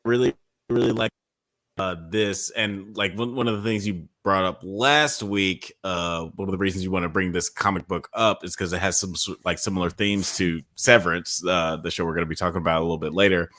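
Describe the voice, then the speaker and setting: Low voiced podcast guy rambling, lots of uh and like. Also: steady tone, a little fast, bright, forceful tone. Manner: rambling, hesitant, many fillers. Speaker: podcast co-host. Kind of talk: casual chat.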